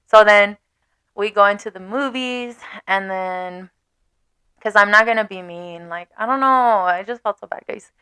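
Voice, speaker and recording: A young woman vlogger telling a dating story in casual chat, animated and swearing, laughing often. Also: medium pitch, a little slow, clean tone, no room sound.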